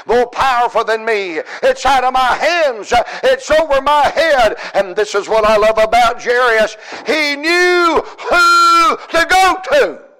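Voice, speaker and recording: A man preaching a sermon with passion, dropping to hushed murmurs and rising to shouted cries, stretching key words out slowly. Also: very high voice, rough recording. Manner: draws out words slowly for emphasis.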